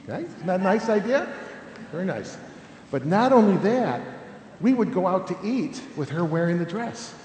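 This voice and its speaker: A man in his fifties gives an animated, joking conference talk, his pitch bouncing up and down as he tells family stories. He keeps tagging "okay?" onto his sentences. The sound is roomy, with a long hall reverb and faint background noise. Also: normal speed. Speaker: speaker at a Catholic family ministry conference.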